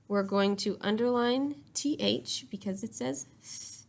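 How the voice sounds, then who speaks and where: A woman's voice: medium pitch, a little slow, darkish tone. A woman teacher giving a recorded spelling lesson to young children, explaining each step patiently. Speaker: third-grade teacher.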